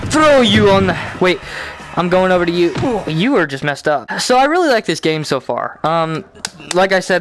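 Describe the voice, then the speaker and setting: A young adult gaming host giving casual commentary on a VR game while swearing at and talking to the game characters, breaking into shouts and loud laughter. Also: mid-range voice.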